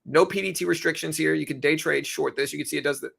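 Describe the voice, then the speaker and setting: A man's voice: a little high, fast talker, creaky, slightly rough. A young man hosting a live trading stream, talking casually and loosely, with lots of fillers and repeated phrases, and he has the hiccups. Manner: relaxed, rambling, repeats himself, many fillers. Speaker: livestream trading host.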